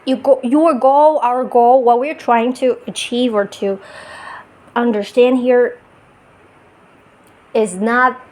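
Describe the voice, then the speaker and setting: Her voice sits on the high side with a steady, darkish tone, and she speaks slowly with long pauses. A woman with a non-native English accent, she's a spiritual vlogger on her bed, giving her phone a reflective self-help talk, frequently restarting and laughing at herself.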